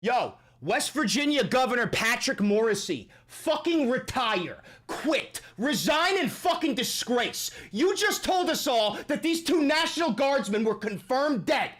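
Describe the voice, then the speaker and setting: Furious woman shouting a profane rant. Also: high-pitched, sing-song, measured pace, few pauses. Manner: repeats phrases for emphasis. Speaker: streamer. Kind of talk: livestream rant.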